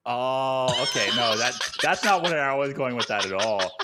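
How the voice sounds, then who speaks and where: A man's voice: mid-range voice, normal speed, loud music behind the voice. A man chatting casually on a stream, joking and teasing his friends. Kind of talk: casual chat.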